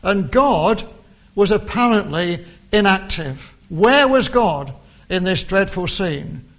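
A man delivers a sermon at a measured, unhurried pace. His voice sits high for a man, and he leans into quoted verses with rising emphasis. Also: lively intonation, a bit bright. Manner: slow and deliberate, quoting scripture with rising emphasis. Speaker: preacher.

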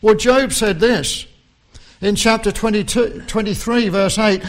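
Slow, high-voiced male preacher. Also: fairly even intonation. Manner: slow and deliberate, quoting scripture with rising emphasis. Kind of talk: sermon.

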